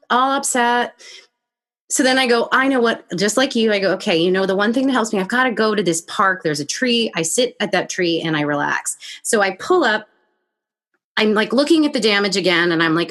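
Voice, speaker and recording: Animated woman telling a story. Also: mid-range voice, moderate pace. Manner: animated storyteller, acts out her own reactions. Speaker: podcast host. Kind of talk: casual conversational interview.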